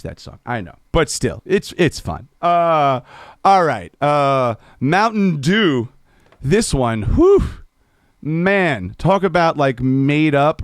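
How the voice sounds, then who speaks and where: A man's voice: a little high, no echo, clean studio sound. A man chatting on a live stream between folk songs, laid-back, swearing casually and laughing at his own jokes.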